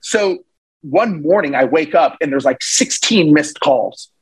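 Husky-voiced man telling a story. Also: a little high, a little slow, poor audio. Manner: animated, acts out voices in his stories. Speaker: podcast guest, real estate investor. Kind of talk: casual storytelling.

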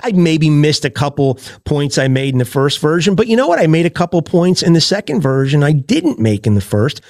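Male podcaster guest, emphatic, a bit high-pitched, dry close mic. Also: big pitch swings, brisk, a little mellow, no echo. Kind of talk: casual interview chat.

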